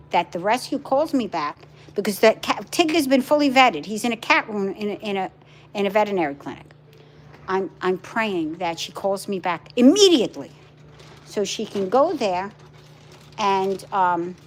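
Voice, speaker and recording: A woman's voice: mid-range voice, a little hiss or hum. Chatty woman vlogging at home. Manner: chatty, rambling, coos to her dogs. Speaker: vlogger and pet rescuer. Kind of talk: casual live-stream chat. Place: home, indoors with pets.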